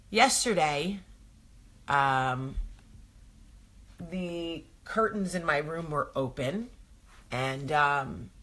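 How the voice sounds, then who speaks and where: Low, husky woman chatting slowly. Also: fairly bright tone. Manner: rambling storyteller, many ums. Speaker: host. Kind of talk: casual morning chat.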